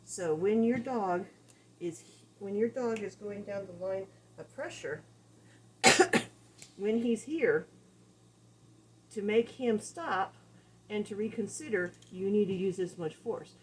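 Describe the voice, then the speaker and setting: A woman's voice: mid-range voice, takes it slowly, long pauses, breathy edge, rough recording. A woman dog trainer giving a casual, conversational lesson, explaining with everyday examples. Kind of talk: instructional talk.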